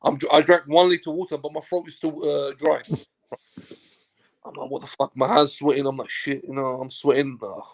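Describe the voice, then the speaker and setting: A man with a gravelly, slightly raised voice, spinning a casual story as a guest. He acts out both sides of past conversations and curses freely. His tone stays animated as he goes. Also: on the high side, moderate pace. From Turkey. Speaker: football agent, guest. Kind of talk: casual anecdote telling.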